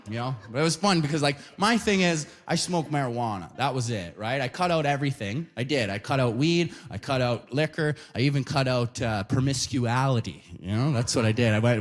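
A man's voice: mid-range voice, animated, fairly quick, hardly any pauses. A young Canadian man doing stand-up comedy, telling rambling stories and tagging lines with "right?". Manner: rambling storytelling, frequent "right?", playful.

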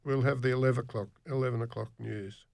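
A man's voice: mid-range voice, fairly even intonation, fast, creaky, darkish tone, no room sound. A man in his eighties presenting on the radio, chatting in a rambling, self-deprecating way between songs. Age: 80s. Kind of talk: rambling casual radio chat.

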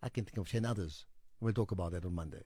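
A man's voice: low voice, fast talker, mellow. A man hosting a call-in radio show, responding to callers and arguing his points firmly. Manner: argues firmly, rising to emphatic appeals. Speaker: radio talk show host. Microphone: studio microphone.

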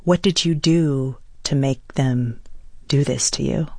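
A woman hosting a radio interview, asking calm, measured questions. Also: very deep voice, dry recording, studio quality.

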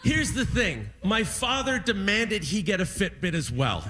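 A man telling animated stand-up stories, often laughing at his own punchlines. His voice sits high. Clear background noise runs under the recording. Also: measured pace. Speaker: stand-up comedian. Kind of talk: stand-up storytelling. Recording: noisy recording.

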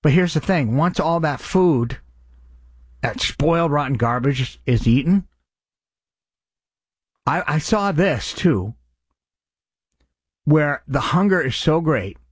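A man's voice: on the high side, animated, slow pace, long pauses, husky, no room sound, studio quality. A man hosting a radio charity appeal, speaking in an earnest, impassioned way. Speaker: radio host.

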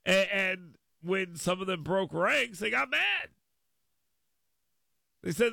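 Gravelly, bright-voiced radio host. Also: male voice, sits high, slow, pauses often, no echo. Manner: animated, acts out others' voices in quotes; self-correcting, repeats words as he goes. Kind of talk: political talk radio commentary.

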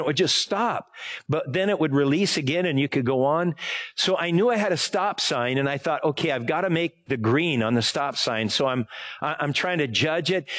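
A man in middle age delivers a sermon as a casual story, his voice a touch higher than most men's. He rambles, corrects himself mid-sentence and asks the congregation to fill in words. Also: a bit bright. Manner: rambling, self-correcting, asks the audience for help. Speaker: pastor. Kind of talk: conversational sermon with a personal story.

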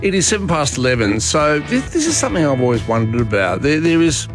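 A man's voice: a little high, sing-song, fast, loud music behind the voice. An Australian man hosting a talkback radio show, chatty and opinionated, speaking into a studio microphone. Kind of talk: talkback radio monologue and calls.

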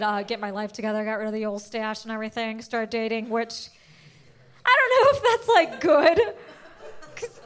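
A woman's voice: high-pitched, fairly bright tone. A woman doing a stand-up comedy set, telling stories in a chatty way with lots of tag questions. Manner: conversational storytelling, frequent tag questions.

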